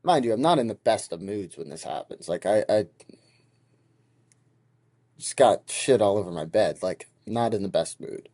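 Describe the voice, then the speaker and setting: Heated profane young man, mellow voice. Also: lowish voice, normal speed, pauses often, dry recording. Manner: heated, profane, animated retelling. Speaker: podcast host. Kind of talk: casual storytelling monologue.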